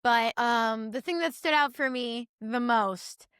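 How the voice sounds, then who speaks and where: A young woman talks straight to camera in a casual review vlog, candid and chatty, with her speech full of "like". Her voice sits a little high, and the sound is close and dry, with no room echo. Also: a little slow, a bit bright, smooth. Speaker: YouTube commentator.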